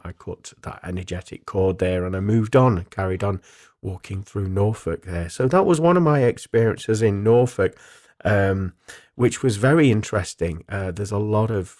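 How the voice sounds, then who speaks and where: A man, a spiritual medium hosting a radio show, calmly recounts his travels in a reflective way with frequent ums. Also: low-pitched, no room sound, clean studio sound. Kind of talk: solo radio talk, personal storytelling.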